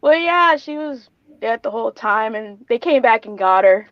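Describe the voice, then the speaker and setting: A woman's voice: on the high side, lively intonation, moderate pace, no echo, dull audio. A woman co-hosting a podcast, retelling things in a rambling, hesitant way with ums. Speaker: podcast co-host. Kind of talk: casual chat.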